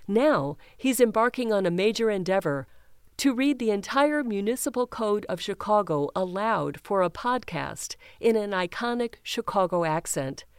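A woman reading a news feature aloud in a measured, even way, first describing a photograph and then telling the story. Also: mid-range voice, smooth, no echo, clean studio sound. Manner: measured, even, reads quotes without acting them. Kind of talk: scripted news narration with image description.

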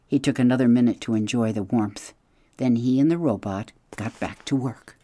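A narrator reading a children's story aloud in a gentle, steady storytelling manner. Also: mid-range voice, moderate pace, dry recording. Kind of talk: audiobook narration.

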